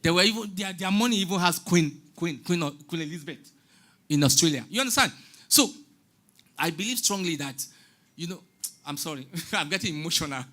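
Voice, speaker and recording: Nigerian man, 60s, on a stage, forceful and fairly high voice, fervent and sermon-like with Pidgin asides. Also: expressive, fairly quick, pauses often. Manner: passionate, preaching, mixes in Pidgin. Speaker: guest artist speaking on stage. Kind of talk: public talk. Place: stage in a large venue.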